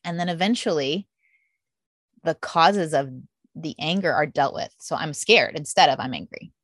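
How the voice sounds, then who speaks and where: Lively mom talking with a low voice. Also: female voice, normal speed, dry recording, clean studio sound. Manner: animated, acts out her own inner thoughts in quotes. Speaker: guest author, mother. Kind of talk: podcast conversation.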